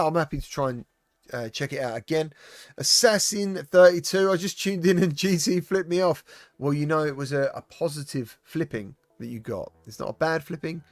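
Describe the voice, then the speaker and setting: A man's voice: a little high, dry recording. A British man live-streaming about VR gaming, chatting casually and greeting viewers by name, with lots of fillers and restarts.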